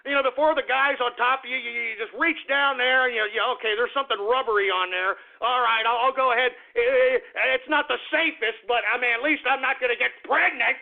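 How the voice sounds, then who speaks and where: Ranting radio host, high and tinny. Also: male voice, fairly even intonation, fairly quick, vocal fry, hardly any pauses. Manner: crude, ranting, repetitive. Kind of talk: ranting talk radio monologue. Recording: tinny phone-like radio sound.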